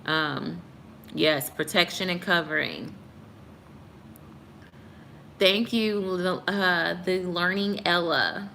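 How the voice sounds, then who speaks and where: A woman's voice: fairly low pitch, extremely slow, vocal fry, pauses often, bright, forceful tone, a little hiss or hum. A young woman vlogger chatting earnestly with her viewers at home, answering comments with a preachy edge. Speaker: YouTube vlogger. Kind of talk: casual chat answering comments. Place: apartment at home.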